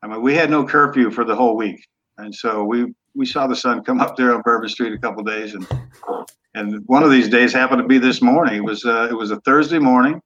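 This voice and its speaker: A man in his sixties, a former quarterback, telling stories in a relaxed, rambling way with some rough language. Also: medium pitch, brisk, lo-fi sound. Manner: laid-back, trailing off, rough language. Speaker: guest, former football quarterback. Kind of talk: casual storytelling interview.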